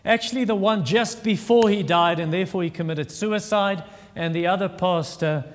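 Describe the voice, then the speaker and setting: A man delivers a sermon, earnest and emphatic, hammering points home by repeating words. His voice sits on the higher side for a man. The sound rings with the long reverb of a large church hall. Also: moderate pace. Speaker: pastor.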